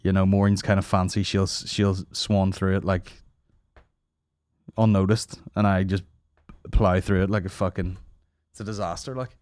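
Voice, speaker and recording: A man's voice: sits low, level tone, normal speed, long pauses, darkish tone, clean tone, no room sound. A man, hosting a comedy podcast and telling a rambling, mocking, sweary story in casual chat. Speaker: podcast host.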